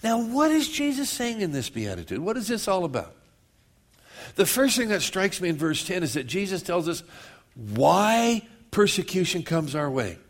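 Man, pastor, sermon, emphatic, slightly higher voice, slow scripture reading, quick asides. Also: big pitch swings.

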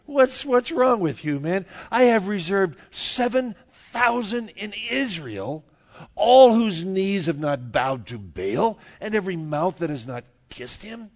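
A man's voice: sits high, sing-song, slow, pitched above the performer's own voice, full character voice. A man voicing God as a blunt, impatient figure who scolds in casual slang. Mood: scolding.

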